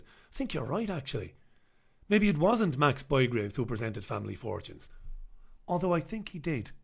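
A man's voice: mid-range voice, vocal fry. An Irish man hosting a live stream in casual chat, sardonic and sweary as he greets viewers and riffs on the news. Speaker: livestream host.

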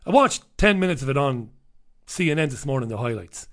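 A man's voice: mid-range voice, lively intonation, fairly quick, a bit bright. A man hosting a casual talk radio show, delivering a sardonic monologue with offhand asides and chuckles.

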